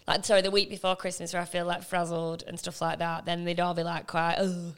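A woman's voice: lowish voice, flat delivery, quick pace, a bit bright, clean tone. A woman from England co-hosting a podcast, chatting casually and laughing often. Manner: chatty, giggly, slips into mock accents. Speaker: podcast co-host. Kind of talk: casual chat.

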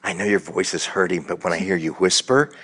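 A man co-hosting a casual radio talk show, telling lively stories and acting out the people he quotes. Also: low-pitched, a little fast, husky. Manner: animated storyteller, acts out quoted voices. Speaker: co-host.

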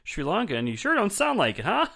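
A man's voice: huge pitch swings, moderate pace, creaky, heavily acted. A man putting on a cackling smug talk-show host. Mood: mocking. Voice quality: high, loud, laughing taunts. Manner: jeering, repeats "huh?".

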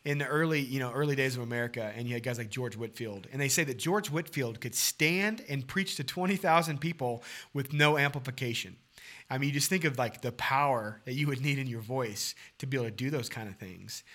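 A man's voice: medium pitch, lively intonation, a little fast, a bit bright. A man co-hosting a casual Bible discussion, acting out quoted dialogue with animation. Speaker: podcast co-host.

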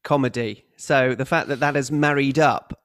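A man hosting a podcast, chatting with friends in a dry, deliberate, witty way. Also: mid-range voice, steady tone. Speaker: podcast host. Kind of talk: casual chat among friends.

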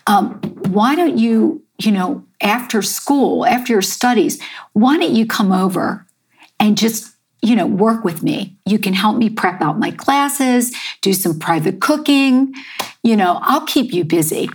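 An American woman, a chef and artist, telling her life story in an interview, halting and reflective with many fillers. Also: mid-range voice, animated, a little hiss or hum. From United States.

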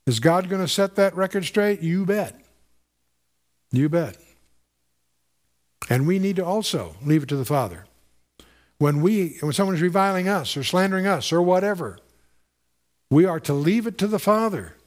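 A man preaching a verse-by-verse sermon in an earnest, explanatory way. His voice sits a little higher than most men's. He stops to ask his listeners questions and often restarts a phrase. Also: animated, fairly quick. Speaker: Bible teacher.

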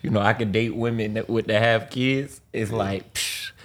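A man's voice: fairly low pitch, steady tone, normal speed. A man hosting a podcast, bantering and laughing a lot in casual chat. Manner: laughs often, joking banter. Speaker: podcast host.

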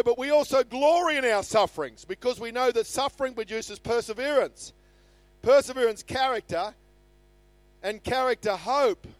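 An older pastor preaches an earnest sermon, his voice sitting high, reading scripture aloud with mounting emphasis. The recording has no echo, though faint music plays behind him.

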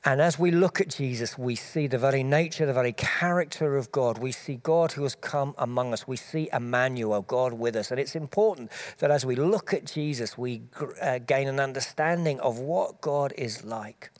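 A man preaching, giving a measured, explanatory Bible teaching talk with small restarts as he thinks aloud. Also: mid-range voice.

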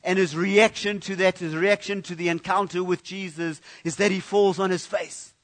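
A man's voice: high voice, fairly even intonation, moderate pace, fairly bright tone. A man preaching a conversational sermon in a church, often restarting and repeating words as he speaks. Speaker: pastor.

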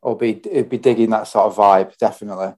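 Relaxed man, casual podcast. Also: on the low side, fast talker. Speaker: podcast co-host.

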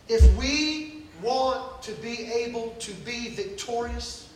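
A man preaching a sermon, swinging from shouted praise to hushed appeals as he calls out to the congregation. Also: very high voice, takes it slowly, few pauses, noisy background. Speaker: pastor. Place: large church sanctuary. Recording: echoey hall from far off.

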